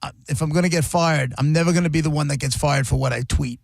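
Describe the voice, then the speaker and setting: A man's voice: on the high side, fast talker, gravelly, no room sound, clean studio sound. A radio host chatting casually on air, acting out other people's lines as he tells stories. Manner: animated storyteller, acts out quotes. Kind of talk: casual radio show banter.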